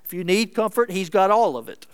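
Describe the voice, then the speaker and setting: A man preaching a sermon as pastor, earnest and measured, moving between emphatic lines and hushed ones. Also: high-pitched, animated, clear, resonant tone.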